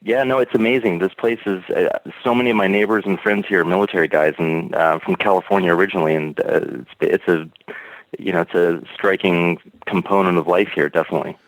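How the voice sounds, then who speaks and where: A man's voice: deep voice, fairly even intonation, brisk, rough recording. A man calling in to a podcast, chatty and eager, asking long questions full of fillers. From Alexandria, Virginia, USA. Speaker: caller. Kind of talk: casual call-in chat.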